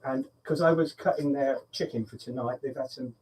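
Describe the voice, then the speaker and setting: A barber livestreams himself cutting hair in his shop, bantering casually and teasing customers in a cheeky, mock-gruff way. His medium-pitched, darkish voice runs a little fast, and the audio is poor.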